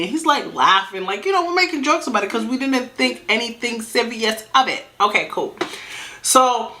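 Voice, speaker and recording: A woman's voice: on the high side, expressive, moderate pace, pushed and bright. A woman vlogger telling a storytime tale in a rambling way, full of asides and self-corrections. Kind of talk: storytime vlog.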